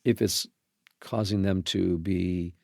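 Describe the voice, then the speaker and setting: Gravelly middle-aged guy hosting a faith podcast, preachy and emphatic, dry close mic. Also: deep voice, fairly even intonation, slow pace, a little mellow, no echo. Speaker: podcast host. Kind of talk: faith-based podcast conversation.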